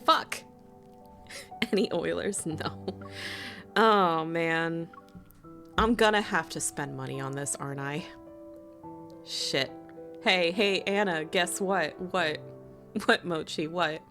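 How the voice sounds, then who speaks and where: A young woman streaming casually, excitable, laughing and swearing as she chats with her viewers. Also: lowish voice, slow pace, long pauses, faint music behind. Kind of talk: casual live-stream chat.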